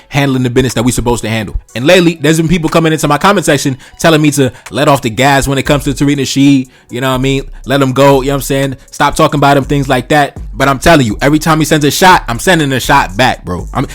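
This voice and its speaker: Fast-talking blunt man over faint music. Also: mid-range voice, fairly bright tone. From Haiti. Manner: blunt, profane, repeats "bro" and "man". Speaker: channel host reacting to tweets. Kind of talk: reaction commentary.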